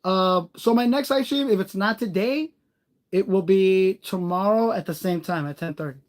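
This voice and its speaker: A man chatting casually on a live stream, rambling and greeting viewers by name, warm-hearted and encouraging. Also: sits high, moderate pace.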